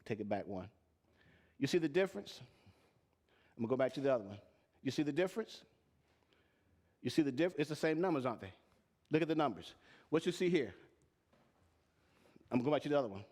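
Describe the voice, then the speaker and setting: A man's voice: medium pitch, very animated, a little fast, pauses often, a little mellow. A man teaching tax and payroll to a live audience, plain-spoken and emphatic, often asking them questions. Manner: asks the audience repeated questions. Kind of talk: live-streamed teaching talk.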